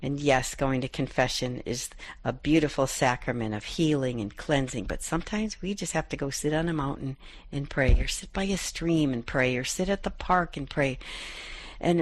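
A woman's voice: low voice, normal speed, no room sound. A middle-aged woman hosting a Catholic radio show, reflecting on a gospel passage and rereading its verses aloud. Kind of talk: devotional scripture reflection.

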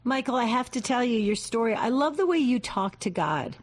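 A woman co-hosts a talk show and speaks warmly to the guest. Her tone is admiring and sincere. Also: fairly high pitch, lively intonation, a little fast. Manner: warm, admiring. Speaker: co-host.

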